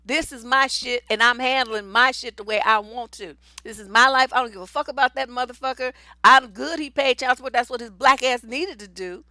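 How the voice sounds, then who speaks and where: A woman's voice: sits high, moderate pace, few pauses, sharp tone, dry recording. A woman hosting a relationship advice livestream, giving blunt, profane, emphatic answers. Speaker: relationship coach and host.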